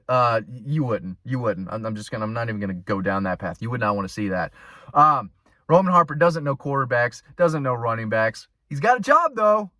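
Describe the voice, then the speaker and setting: A man's voice: medium pitch, bright, forceful tone, no room sound, studio quality. A man hosting a sports channel, ranting in a casual, scornful, rambling way.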